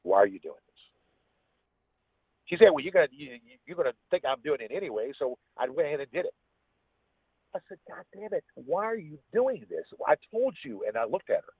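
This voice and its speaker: A man with a husky voice, a podcast guest telling a personal story in a rambling way, restarting his sentences often. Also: mid-range voice, very animated, a little fast, long pauses, dry recording. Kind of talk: casual storytelling. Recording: tinny, phone-like dry sound.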